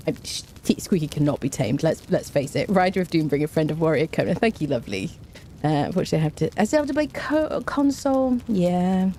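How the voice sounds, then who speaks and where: A woman's voice: deep voice, moderate pace, dark tone, slight background noise. A woman streaming a game, chatting casually and greeting viewers one by one. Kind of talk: casual livestream chat.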